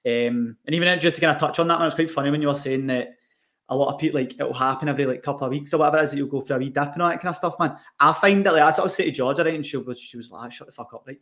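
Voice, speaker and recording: Racing along in a high-ish voice, this young Scot, an online coach and podcast co-host, keeps the casual chat lively with constant swearing and frequent laughter.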